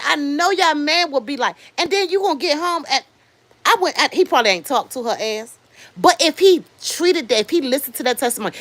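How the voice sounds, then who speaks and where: A woman in her fifties hosting a livestream, giving blunt, animated commentary, swearing freely and answering viewer comments. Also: fairly high pitch. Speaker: livestream host. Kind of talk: casual commentary.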